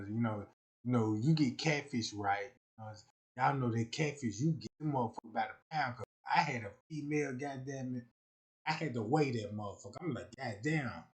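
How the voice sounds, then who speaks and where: A man's voice: on the high side, a bit bright. A young man rambling through a crude comic livestream rant, boastful and repeating "you know what I'm talking about.".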